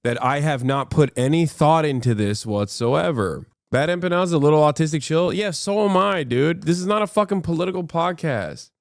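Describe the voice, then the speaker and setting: Barely pausing, a man in his thirties fires off exasperated, swear-laden reactions to clips on his livestream. His slightly high, gravelly voice is animated and moves at a moderate pace, captured in clean studio sound without echo.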